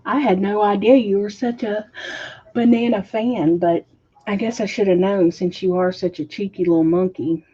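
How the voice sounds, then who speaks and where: A woman hosting a casual livestream, reading viewer comments aloud and chatting with a husky voice. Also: mid-range voice, steady tone, moderate pace, warm tone. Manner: chatty, laughs often, reads chat aloud. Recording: dull lo-fi stream audio.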